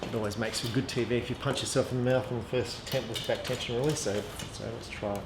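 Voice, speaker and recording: A man reviews a piece of archery gear casually, thinking aloud in a chatty, hesitant way with lots of "um"s and restarted sentences. His voice is at an ordinary middle pitch, the room echoes, and a faint ambient hum sits behind him.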